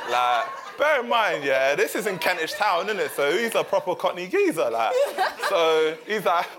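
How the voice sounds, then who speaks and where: Animated laughing man. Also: a little high, background noise. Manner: laughs often while telling stories, slangy. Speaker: podcast co-host. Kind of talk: casual chat.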